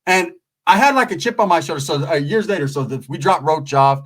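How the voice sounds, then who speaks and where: Animated, profane male storyteller. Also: on the high side, a little fast, poor audio. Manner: animated, profane, rambling with "right?" tags.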